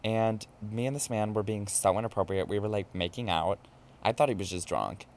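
A man hosting a podcast, telling a drunken night-out story in a campy, animated, casual way. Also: on the low side, fairly quick. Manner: campy and animated, mimics voices in quotes. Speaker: podcast host. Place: New York.

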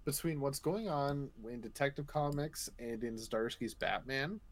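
A man's voice: medium pitch, unhurried. Playful swearing man chatting about comics. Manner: playful, swears, laughs often. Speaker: podcast co-host. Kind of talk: casual comic book chat.

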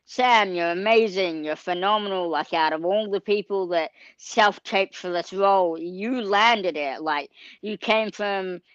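A woman's voice: mid-range voice, a little slow, clear, resonant tone, no echo. A young adult woman, an actor in an interview casually telling a story, earnest and full of "um", "like" and "you know". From Australia. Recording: slightly dull lo-fi sound.

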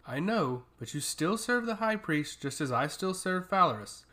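A woman's voice: fairly low pitch, animated, moderate pace, fairly bright tone. A man voicing a powerful female nature mage who speaks in a cold, taunting and commanding way. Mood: stern.

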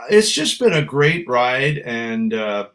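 A man from San Francisco, a guest musician telling lively anecdotes in a casual interview. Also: medium pitch, slow pace. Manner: lively storyteller, acts out voices.

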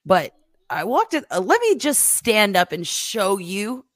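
A woman's voice: mid-range voice, sing-song, unhurried, no echo, studio quality. A woman in her thirties co-hosting a podcast, telling stories in casual chat, swearing freely and laughing often. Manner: profane, storytelling, laughing often. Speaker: podcast co-host.

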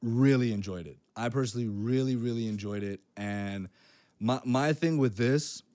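A man co-hosting a podcast in casual chat, talking fast and loose with lots of slang and fillers. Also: medium pitch, mellow. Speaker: podcast co-host.

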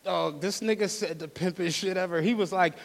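A man, co-hosting a live podcast and telling animated, laughing stories before an audience. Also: high voice, fairly quick, gravelly, background noise. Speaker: podcast co-host. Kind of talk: casual storytelling on a live podcast. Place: studio venue with a live audience. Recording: long reverb of a live venue.

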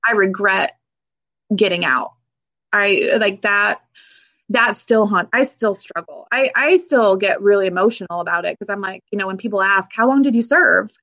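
A woman veteran speaks in an interview, her voice catching with emotion as she pauses, restarts and laughs nervously. Her pitch sits in an ordinary middle range, and the recording has a slightly dull, lo-fi quality. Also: a bit bright. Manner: halting, emotional, with frequent fillers and nervous laughs. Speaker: military veteran guest.

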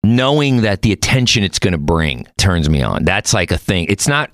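A man's voice: sits low, very animated, normal speed, fairly bright tone, no echo, studio quality. An American man hosting a podcast, talking bluntly in a rambling, casual way and swearing freely. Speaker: podcast host. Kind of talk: casual chat.

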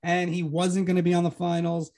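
A man co-hosting a sports media podcast, his fairly high voice carrying a gravelly fry. He talks fast and argues in a teasing way. He sounds casual and chatty throughout. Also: monotone, a little mellow. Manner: quick, teasing, argumentative.

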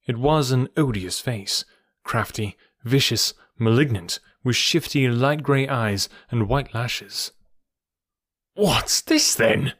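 Brief: male audiobook reader, mid-pitched, steady, very dry close sound. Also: slow, no room sound. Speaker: audiobook narrator. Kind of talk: scripted narration of a classic detective story.

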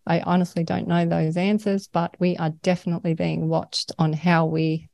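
An Australian woman speaks in a meandering, earnest way, laughing now and then as she talks. Her voice sits a little low. The sound is dry, with no room echo. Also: little pitch movement, normal speed, creaky, darkish tone. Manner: earnest, rambling, laughs often. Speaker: paranormal experiencer, guest. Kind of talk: conversational interview.

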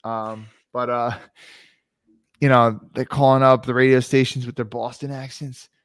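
A man's voice: mid-range voice, flat delivery, moderate pace, no room sound. Guy on a sports podcast making his case, goes on a while, dead dry sound. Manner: argumentative, explains at length. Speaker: podcast co-host. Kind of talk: casual sports chat.

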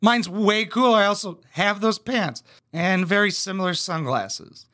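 A man's voice: high voice, measured pace, bright, forceful tone. A young man hosting a reaction commentary, crude, sarcastic and mocking as he talks over clips. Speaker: commentary host.

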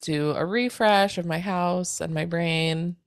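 A woman's voice: lowish voice, slow, clear, resonant tone, no echo, clean studio sound. Woman telling a chaotic day story. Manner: animated storytelling with casual swearing; acts out others' lines in quoted voices. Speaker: podcast co-host. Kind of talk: casual chat.

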